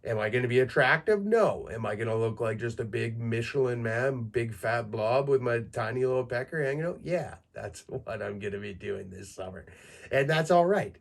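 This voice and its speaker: A man's voice: mid-range voice, animated, moderate pace, vocal fry. A man in his thirties from Canada, a podcast host telling crude, self-mocking stories in a casual monologue and laughing through them. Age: 30s.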